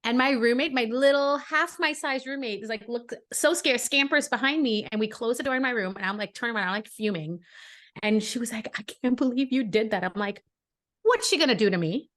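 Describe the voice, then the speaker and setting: A woman's voice: fairly high pitch, fairly quick, a bit bright. A woman podcast co-host, from Brooklyn, telling a story in casual chat and acting out the dialogue with indignant energy.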